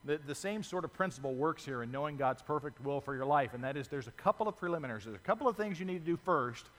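A man preaching a sermon as pastor, telling stories with lively acted-out voices and reading scripture to his congregation. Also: on the high side, fast talker, long reverb tail. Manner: animated storytelling, acts out voices in stories.

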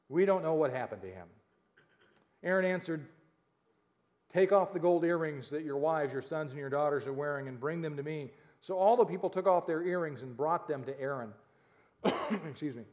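A fairly high-voiced man preaching a sermon. He reads scripture and then breaks into lively, chuckling asides to his listeners. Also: moderate pace. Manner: animated, jokey asides with laughs, reads scripture then explains. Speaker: pastor.

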